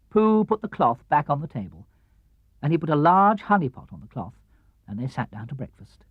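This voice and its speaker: Expressive male narrator for a children's audiobook, animated pitch, dull, dry 1970s LP sound. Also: a little fast, breathy edge, no room sound. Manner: lively, expressive, drops low and soft for narration tags. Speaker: audiobook reader. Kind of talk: storybook narration.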